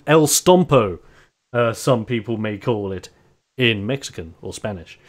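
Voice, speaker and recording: A man running a tabletop wrestling role-playing game, narrating moves with lively announcer flair and frequent laughs. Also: lowish voice, unhurried. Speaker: game master.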